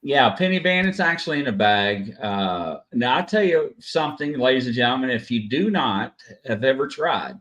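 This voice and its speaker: A man's voice: mid-range voice, expressive, normal speed, hardly any pauses, a bit bright. A man hosting a casual live stream, chatty and full of "uh" fillers, greeting viewers by name. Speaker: host.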